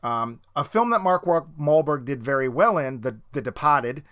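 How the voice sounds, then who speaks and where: A man's voice: mid-range voice, lively intonation, moderate pace, a bit bright. A man from the Boston area, co-hosting a casual film review chat, talking in a chatty, digressive way with frequent ums. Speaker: podcast co-host.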